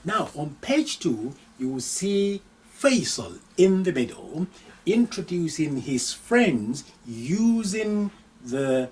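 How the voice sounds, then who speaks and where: A man's voice: fairly high pitch, sing-song, a little hiss or hum. Distant-sounding male Arabic teacher. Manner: slow, deliberate, repeats each phrase with translation. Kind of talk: live online language lesson.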